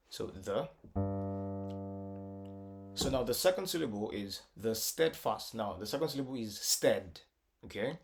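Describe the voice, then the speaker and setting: A man's voice: on the low side, moderate pace. A man teaching a casual music lesson, thinking aloud, repeating words and singing short solfa syllables to test notes. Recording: guitar music clearly under the voice.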